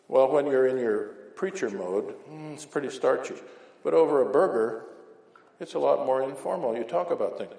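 In an echoey church hall recording, a man with a mellow, mid-range voice preaches an informal, folksy sermon. He shares homespun anecdotes and often checks in with listeners by asking "right?".

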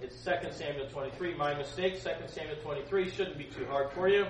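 A man preaching a sermon to young people, animated and joking, swinging between loud outbursts and soft asides. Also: fairly high pitch, fairly quick. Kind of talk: sermon to a youth congregation. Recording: echoey room, faint room noise.

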